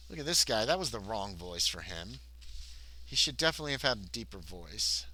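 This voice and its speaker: A man with a mid-range voice talks fairly quickly, with no echo, while livestreaming a solo tabletop horror game. He rambles, cuts himself off, and chatters excitedly with viewers while reacting to the game.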